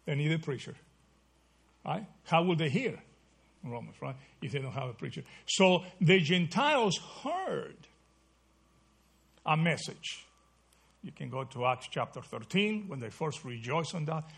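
A man's voice: a little high, big pitch swings, unhurried, gravelly, long pauses, a bit bright, husky. A man teaching a Bible study class, asking the group questions and checking in with "right?" as he goes. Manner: asks the group questions, repeats "right?" often.

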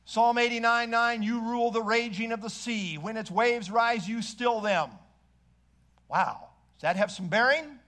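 A high-voiced man delivers an expository sermon. He reads scripture aloud dramatically, then drops his voice to a near hush for quoted words. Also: a little slow. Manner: expository preaching with dramatic quoted readings and sudden hushes. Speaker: pastor.

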